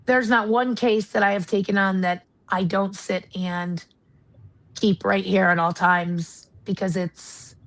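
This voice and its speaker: A retired US marshal who now investigates the paranormal speaks earnestly and candidly as a guest in a casual interview. Her voice is medium-pitched, and the recording is rough.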